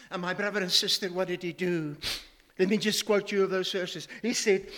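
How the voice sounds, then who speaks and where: A man's voice: high voice, fairly even intonation, moderate pace, a bit bright, in a large hall. An older man preaching a sermon in a church, emphatic and full of rhetorical questions as he quotes scripture. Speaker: pastor.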